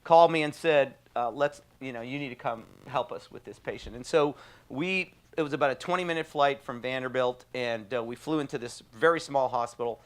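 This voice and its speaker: A man tells a story in an easy, rambling way. His voice sits in a middle pitch, and he fills his talk with ums and chuckles. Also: fairly quick. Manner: animated anecdote with frequent fillers and laughs. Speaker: trauma surgeon guest. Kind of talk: casual storytelling.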